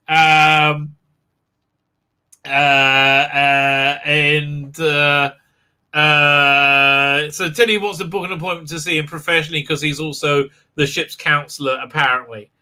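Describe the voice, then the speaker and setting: A man's voice: on the high side, steady tone, slow, pushed and bright, clean tone. A male host giving a rambling, mocking recap with many ums and uhs. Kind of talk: sarcastic live show recap.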